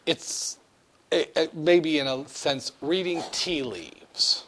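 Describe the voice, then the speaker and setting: A man teaching a finance class, explaining ideas with jokes and loud shouted asides. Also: fairly high pitch, slow. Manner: lively and joking, with sudden shouted asides. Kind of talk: classroom lecture.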